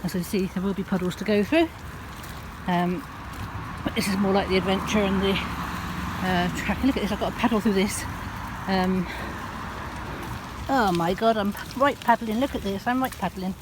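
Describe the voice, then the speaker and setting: A woman with a Northern English accent vlogging casually as she walks a wet park track, chatty and given to high sing-song baby talk with her cats. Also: steady tone, moderate pace, noisy background. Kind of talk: casual walking vlog.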